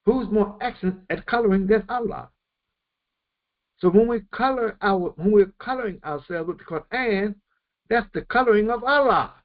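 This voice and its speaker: A man giving a morning Quran commentary lesson, repeating phrases for emphasis with halting restarts. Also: sits high, highs cut off. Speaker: religious teacher.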